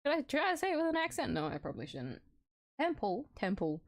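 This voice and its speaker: A woman commenting on her video game playthrough in an excitable, giggly way. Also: high-pitched, racing, creaky. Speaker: gamer. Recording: faint background music.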